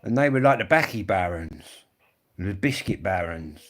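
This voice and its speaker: A man's voice: low voice, expressive, normal speed, fairly bright tone. A man, rambling and swearing freely as he chats casually to viewers on a live stream. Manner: rambling, swearing, blokey storytelling.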